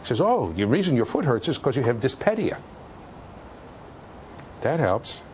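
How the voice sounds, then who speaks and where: With a medium-pitched voice at normal speed, a middle-aged lecturer jokes around with his university students and shouts to drive points home. There's a little hiss or hum on the recording.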